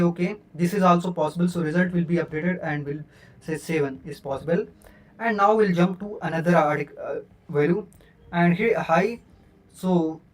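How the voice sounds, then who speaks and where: A programming teacher in a screen-recorded coding lesson counts numbers aloud step by step, correcting himself as he goes and using frequent fillers. His voice is high-pitched and a little mellow, recorded from a distance.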